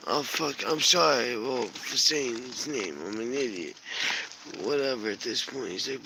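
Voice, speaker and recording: Gravelly man ranting in a noisy recording. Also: mid-range voice, lively intonation, takes it slowly. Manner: agitated, swears constantly, rambling. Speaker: vlogger. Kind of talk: rambling personal monologue.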